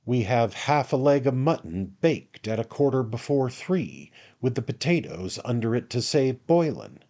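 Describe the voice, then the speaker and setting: A man's voice: mid-range voice, very animated, normal speed, dark tone. A man doing meek starving servant Job Trotter. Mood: humble, pleading. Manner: humble, pleading, deferential. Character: meek, half-starved young male servant.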